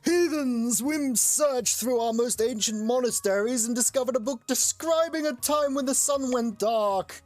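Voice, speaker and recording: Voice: mid-range voice, measured pace, hardly any pauses, darkish tone, dry recording, soft background music, pitched above the performer's own voice, natural voice. A streamer voicing a solemn royal advisor in a put-on Scottish accent, speaking formally and urgently to the ruler. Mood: grave, urgent.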